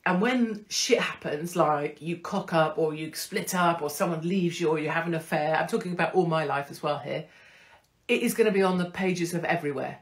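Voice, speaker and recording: Casting: middle-aged woman, low voice, blunt, profane, rambling chat host. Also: normal speed. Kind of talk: casual live-stream chat.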